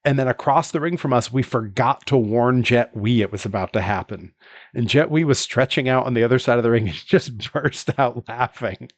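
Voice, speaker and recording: A man chats on his livestream at a mid pitch, laughing easily and trailing off into ums and uhs as he tells a story. His voice is close and dry, with little room sound, as if from a desk mic in a small room. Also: moderate pace, no echo. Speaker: streamer.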